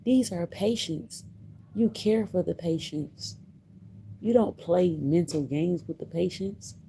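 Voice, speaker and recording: Speaking slowly and a bit low, this woman's very dark, mellow voice has a creaky edge as she tells a story on a relaxed livestream. She keeps circling back and repeating herself with emphasis, laughing between lines over a faint background hum.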